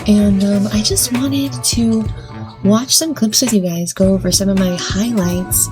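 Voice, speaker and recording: A woman hosting a casual reaction vlog, chatty and giggly and filling pauses with um. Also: medium pitch, music in the background. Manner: chatty and giggly, says um a lot. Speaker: vlog host.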